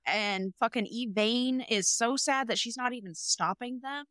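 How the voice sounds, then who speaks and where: A woman's voice: fairly high pitch, a little slow, fairly bright tone, no echo, clean studio sound. A young adult woman co-hosting a podcast, recapping a movie bluntly with lots of swearing and jokes. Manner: blunt, swears a lot, jokey. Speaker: podcast co-host. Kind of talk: casual movie recap chat.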